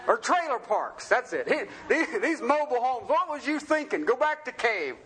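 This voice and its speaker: High-voiced folksy preacher. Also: male voice, sing-song, moderate pace, noisy background. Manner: folksy, joking, asks the room questions. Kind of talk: sermon.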